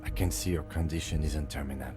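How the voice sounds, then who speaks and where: An actor playing a reserved, measured police lieutenant in a video game. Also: male voice, very deep voice, fairly even intonation, over music. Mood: dry. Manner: dry, measured, composed. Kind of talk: game voice acting.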